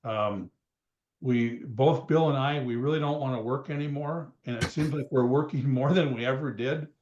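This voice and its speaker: A man's voice: mid-range voice, normal speed, darkish tone, a little hiss or hum. Older man telling stories over a roomy line. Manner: rambling, chuckling storyteller. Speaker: guest, retired wrestler. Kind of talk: casual storytelling. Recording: roomy, dull remote sound.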